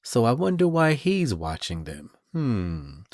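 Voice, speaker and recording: A low-voiced man hosts a podcast and retells a comic-book story in chatty bursts. He keeps things casual and walks through each scene step by step. His voice is close and dry, with no room echo. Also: normal speed. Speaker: podcast host.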